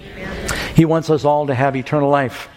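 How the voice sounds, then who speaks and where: A man's voice: fairly high pitch, steady tone, fairly quick, warm tone, slight background noise. A man preaching an evangelistic sermon, telling stories and pleading with his listeners. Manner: storytelling, rising to urgent pleading. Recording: reverberant hall with faint music.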